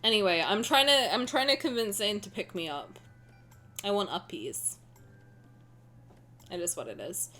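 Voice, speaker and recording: A woman's voice: mid-range voice, expressive, moderate pace, pauses often, pushed and bright, faint music behind. A woman streaming a game, chatting casually with her viewers in a tired, rambling, self-deprecating way. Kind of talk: casual live-stream chat.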